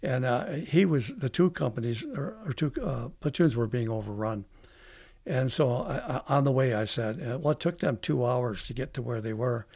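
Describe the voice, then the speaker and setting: A man, a veteran guest on a podcast, telling a long story in a halting way with many restarts. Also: mid-range voice, lively intonation, vocal fry, a little mellow, breathy edge, dry recording, clean studio sound. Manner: halting, with frequent restarts and fillers. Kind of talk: casual storytelling interview.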